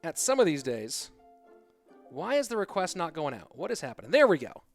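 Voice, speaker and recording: A man with a high-pitched voice calls a game tournament live on stream, chatting with his viewers between plays. Music runs clearly underneath him the whole time. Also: sing-song, brisk. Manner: chatty, talks straight to his chat.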